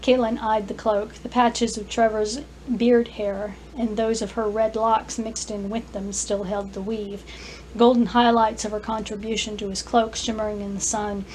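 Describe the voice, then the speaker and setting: A woman author reading her own fantasy story aloud, careful and clear, with small restarts. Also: mid-range voice, flat delivery, moderate pace, a little mellow, a little hiss or hum, rough recording. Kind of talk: scripted narration, story reading.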